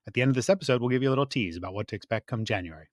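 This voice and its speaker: A man's voice: on the low side, expressive, racing, no echo. Friendly guy cohosting a crime podcast, chatty, dry close sound. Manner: friendly, enthusiastic banter with "like" fillers. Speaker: podcast co-host. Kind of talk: casual true-crime podcast chat.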